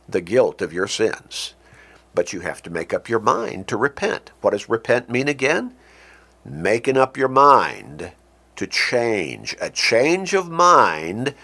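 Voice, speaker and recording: A man preaching a sermon, slow and deliberate, stressing key words and closing in prayer. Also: mid-range voice, very animated, sharp tone.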